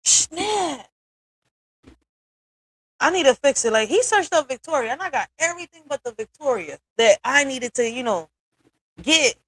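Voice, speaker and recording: A woman hosting a casual livestream, candid and quick to swear and laugh. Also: high voice, big pitch swings, dry recording, low-quality recording. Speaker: livestream host.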